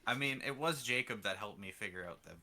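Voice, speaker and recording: A man player chatting before a tabletop session, calm, soft-spoken and a little hesitant. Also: medium pitch, fast talker. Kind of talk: casual chat.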